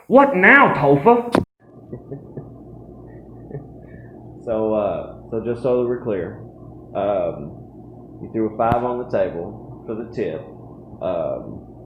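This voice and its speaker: A man hosting a comedy sketch, asking questions in a hesitant, halting way. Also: on the low side, reverberant, highs cut off, background noise. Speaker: comedy show host.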